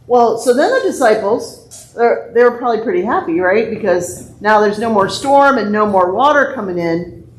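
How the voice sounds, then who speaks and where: A woman leading worship, reading scripture and then telling a lively, playful children's message full of exclamations. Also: medium pitch, normal speed. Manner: animated, playful storytelling with exclamations. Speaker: church leader giving a children's message. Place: church sanctuary. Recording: echoey church sanctuary.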